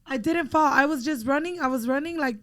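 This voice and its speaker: A woman, a mother, telling a family story in casual chat, animated and swearing freely, slipping into Spanish words. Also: high voice, brisk, no echo.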